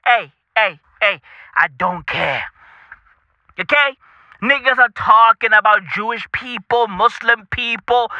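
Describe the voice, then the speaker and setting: A man's voice: extremely high pitch, vocal fry, pushed and bright, smooth, dry recording, highs cut off, exaggerated voice. A man voicing a brash young male football fan who swears constantly and is euphoric. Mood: ranting. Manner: profane, hyped, repetitive slang. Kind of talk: comedic character bit.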